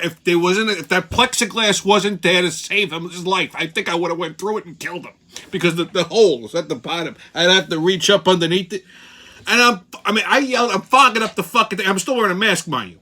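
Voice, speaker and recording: A man's voice: high-pitched, brisk, pushed and bright. A man hosting his own channel, telling a heated, profane story in a casual rant. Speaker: channel host.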